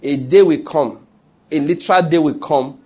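A man's voice: on the high side, moderate pace, mellow, breathy edge. A man preaching a sermon who reads scripture aloud and keeps asking his listeners whether they follow.

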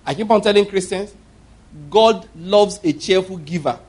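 Husky pastor guy, middle-aged, preaching w/ lots of emphatic repeats, voice sits a bit high. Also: normal speed, darkish tone. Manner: emphatic storytelling with repetition. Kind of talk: sermon.

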